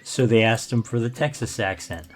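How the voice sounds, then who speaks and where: A man's voice: mid-range voice, normal speed, soft background music. An older man giving rambling, self-deprecating commentary as a let's play host. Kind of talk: casual gameplay commentary.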